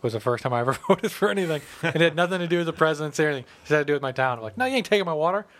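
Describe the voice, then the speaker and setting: A man's voice: a little high, rapid-fire, fairly bright tone. A man in his thirties from the Midwest, telling a profane story in casual chat and acting out the people in it. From American Midwest. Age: 30s.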